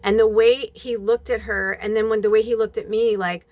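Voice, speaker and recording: A woman's voice: on the high side, fairly even intonation, moderate pace, a little mellow, dry recording. A woman talking in a personal monologue, emotional and holding back tears, swearing as she goes. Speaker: spiritual medium.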